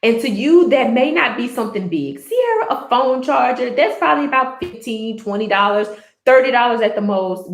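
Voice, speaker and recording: A woman's voice: on the high side, big pitch swings, moderate pace, echoey room. A woman vlogging in a casual, earnest way about her personal life, rambling with restarts and fillers. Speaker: book chat vlogger.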